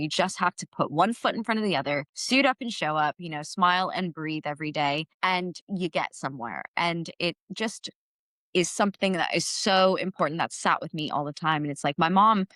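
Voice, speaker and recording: A young woman in her late twenties talks as a podcast guest. Her voice sits on the lower side, and she chats in a loose, lively way, full of "like" and quick asides. The sound is dry and close, with no room echo. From California. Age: 20s. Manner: chatty, animated, many fillers and likes. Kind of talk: casual conversation.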